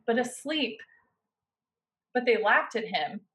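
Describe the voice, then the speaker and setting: A woman pastor preaching a sermon, guiding her listeners through a scene in the second person with slow, dramatic pauses. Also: on the high side, a bit bright, poor audio. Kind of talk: sermon with guided imaginative narration.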